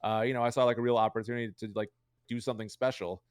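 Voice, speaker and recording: A man's voice: medium pitch, steady tone, clean tone, dry recording, clean studio sound. A young man chatting casually as an interview guest, rambling with lots of fillers. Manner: fast, rambling, heavy use of fillers. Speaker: guest streamer.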